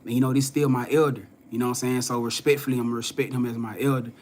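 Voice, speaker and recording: A young man tells a story to his viewers in a relaxed, conversational way, acting out the voices of the people in it. His voice sits at a middle pitch and moves between loud, lively moments and low, hushed ones. Faint noise sits under the recording. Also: very fast. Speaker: spiritual reader and host. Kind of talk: casual storytelling to a live audience.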